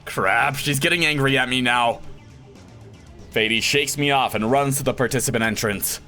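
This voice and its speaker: A man's voice: mid-range voice, moderate pace, bright, forceful tone, faint music behind. A young man, a voice actor, reading a visual novel aloud and acting out the lines, with his own reactions mixed in. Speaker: voice actor doing a game playthrough.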